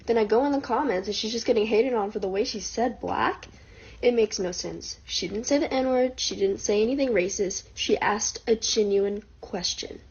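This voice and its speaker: A woman's voice: mid-range voice, moderate pace, gravelly, darkish tone, husky. A woman in a casual video rant, indignant and defensive. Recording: dull lo-fi audio.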